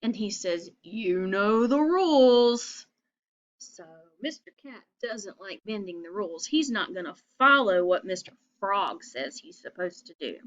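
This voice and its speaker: A woman teaching preschoolers, reading a picture book aloud and slowly coaxing them to find rhyming words. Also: mid-range voice, animated, bright, forceful tone, muffled recording. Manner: slow, encouraging, coaxing children to find rhymes. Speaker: pre-K teacher. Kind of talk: children's read-aloud lesson.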